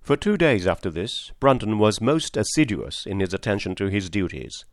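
Low-voiced man reading a story. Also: expressive, dry recording, studio quality. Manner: measured, formal storytelling. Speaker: audiobook narrator. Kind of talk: scripted narration.

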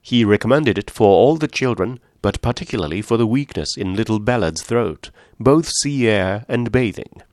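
A man voicing an eager, affectionate young mother who chats warmly. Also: fairly low pitch, lively intonation, moderate pace, few pauses, dry recording, studio quality, natural voice.

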